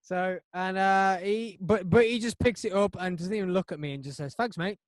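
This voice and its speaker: A man hosting a podcast, telling a story in a rambling, animated way with lots of restarts. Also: high-pitched, moderate pace, dry recording, studio quality. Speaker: podcast host. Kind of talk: casual chat.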